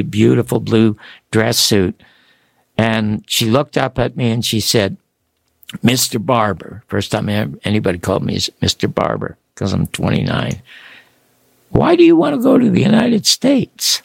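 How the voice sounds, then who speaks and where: An older man tells his stories in an animated, rambling way. His voice has a gravelly edge, and the sound is dry and close, with no room around it. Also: medium pitch, dry recording. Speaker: guest author. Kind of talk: storytelling interview.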